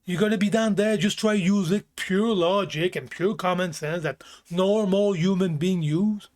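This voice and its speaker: A man's voice: sits high, moderate pace, darkish tone. A man giving blunt life advice in a casual rant, swearing often, repeating himself for emphasis, with small grammar slips. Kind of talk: casual self-help rant.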